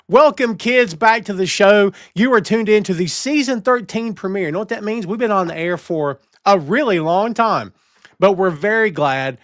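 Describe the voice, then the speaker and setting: A man's voice: high voice, expressive, a little fast, fairly bright tone, no room sound, studio quality. A man hosting a live-streamed wrestling podcast, talking in a playful, theatrical way and greeting chat viewers. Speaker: podcast host.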